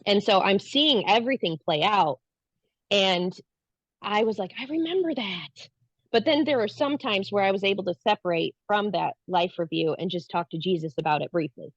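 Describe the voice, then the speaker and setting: At a normal speed and a mid-range pitch, this woman earnestly recounts a spiritual experience as a guest, keeping it casual while performing her own past lines. The audio is dull lo-fi and dry.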